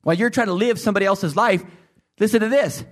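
A man preaching a sermon, emphatic and full of questions to his congregation, swinging between loud high emphasis and low intense asides. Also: fast. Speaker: pastor.

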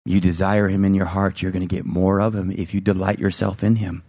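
A man preaching a sermon as pastor, with an emphatic delivery that swings between loud highs and low, slow lines. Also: steady tone, husky, dry recording, studio quality.

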